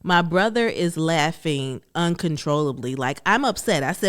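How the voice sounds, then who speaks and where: A woman hosting a podcast, telling family stories in a chatty, animated way and acting out quotes from her relatives. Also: low voice, moderate pace. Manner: animated, laughing storyteller who acts out family quotes. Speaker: podcast host. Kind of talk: personal storytelling monologue.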